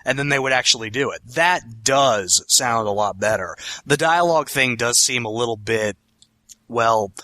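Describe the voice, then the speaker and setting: A man's voice: medium pitch, moderate pace, bright, forceful tone, dry recording. A man co-hosting a podcast, chatting casually about video games in a rambling, self-correcting, opinionated way. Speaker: podcast co-host.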